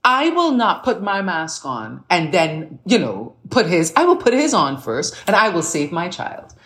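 Lively storytelling woman on a talk show. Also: on the low side, unhurried. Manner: animated storytelling, acting out quoted voices. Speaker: guest. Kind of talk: casual chat.

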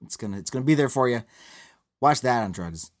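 A man's voice: medium pitch, expressive, brisk. A man, co-hosting a podcast in casual banter, rambling and sarcastic with frequent swearing. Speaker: podcast co-host.

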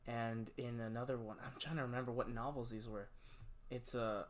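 A man chatting as a podcast guest in a relaxed way, pausing to search for words. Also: medium pitch. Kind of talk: casual podcast chat.

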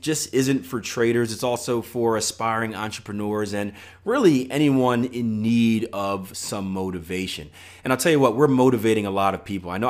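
A man hosting a solo trading podcast, talking in an animated, motivational way and acting out voices when he quotes people. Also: mid-range voice. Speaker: podcast host and trading coach.

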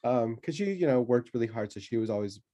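A man telling a childhood story in casual conversation, laughing often and pausing with many fillers. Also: mid-range voice, lively intonation, dark tone.

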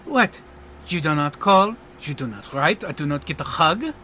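A flamboyant French stage magician, theatrical and playful, drawing out his words with wounded flair, as a man puts him on. His voice is high and ringing, very bright and sharp. A faint hiss sits behind it. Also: sing-song, moderate pace. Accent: French, put on. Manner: dramatic and teasing.

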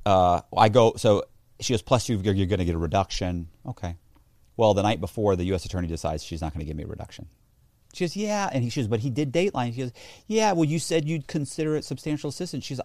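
A man's voice: mid-range voice, fast, no room sound. A man telling a story in a casual interview, acting out the voices of the people he quotes. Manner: animated, acts out quoted voices. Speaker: interview guest.

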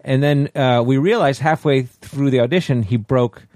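Brief: male co-host, mid-pitched voice, easygoing storyteller, dry close sound. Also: normal speed, no room sound. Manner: relaxed storyteller, frequent agreeing "yeah". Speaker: podcast co-host. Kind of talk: casual podcast chat.

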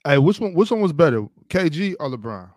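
Lively high-ish male panelist who laughs a lot. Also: a little fast, no room sound, clean studio sound. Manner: playful, laughs often, does quoting voices. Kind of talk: casual panel chat.

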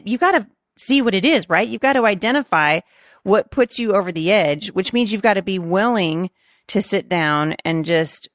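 A woman's voice: medium pitch, no echo, clean studio sound. A woman hosting an interview, asking long rambling questions full of fillers. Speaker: interview host. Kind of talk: conversational interview.

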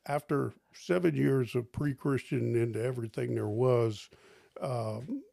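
An older man, a pastor, telling stories in an interview, lively and jumping high in pitch when he quotes people. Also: a little slow, vocal fry, no echo. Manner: animated storyteller, jumps high for quoted lines. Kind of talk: storytelling interview.

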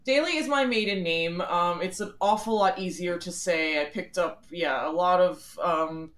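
On a phone call, a Philadelphia-area woman in her forties gives conversational interview answers in a fairly low, slightly bright voice at a moderate pace. She comes across as frank, chatty and self-deprecating, using lots of fillers.

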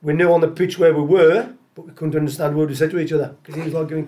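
A man's voice: on the high side, flat delivery, quick pace, hardly any pauses, dark tone. A middle-aged man from the English Midlands, chatting loosely as an interview guest and often repeating himself. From Tipton, England. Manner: chatty, rambling, repeats phrases. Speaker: guest, former footballer. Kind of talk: casual interview chat.

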